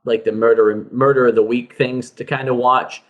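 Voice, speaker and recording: A man's voice: mid-range voice, level tone, moderate pace, phone-quality sound. A man co-hosting a casual podcast chat about TV shows, rambling with lots of fillers and restarts. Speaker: podcast co-host.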